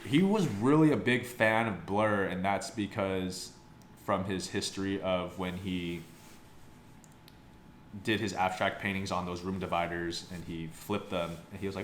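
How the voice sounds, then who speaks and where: Laid-back young male reviewer, deep voice, rambly and profane, echoey room with faint background hiss. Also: unhurried. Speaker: photobook reviewer. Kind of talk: casual review chat. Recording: roomy sound with faint background noise.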